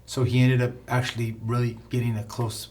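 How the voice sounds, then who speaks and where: A man's voice: medium pitch, level tone, a little fast, darkish tone, a little hiss or hum. A man hosting an interview, mostly giving brief affirmations and echoing his guest, then prompting with questions. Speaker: podcast host. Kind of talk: interviewer backchanneling.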